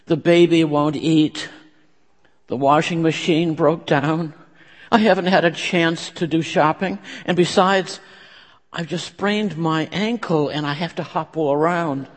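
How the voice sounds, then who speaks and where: A man's voice: fairly high pitch, steady tone, a little slow. A man voicing an overwhelmed young housewife, pleading, her voice rising as she tells her troubles, heard in a church with long reverb. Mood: tearful.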